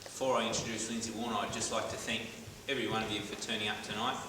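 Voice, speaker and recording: A man hosting a school event, making relaxed announcements with many fillers and jokes. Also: fairly low pitch, rapid-fire. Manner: relaxed, filler-heavy, joking. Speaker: event host. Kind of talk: casual emcee announcements. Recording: roomy distant hall with noise.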